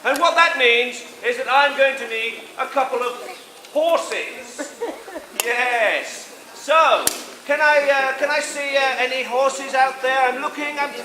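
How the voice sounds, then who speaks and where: A man's voice: very high voice, slow, sharp tone. A man performing live comedy, coaxing audience volunteers on stage in a playful, theatrical manner. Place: large indoor sports hall with a live audience. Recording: echoey hall, crowd and noise behind.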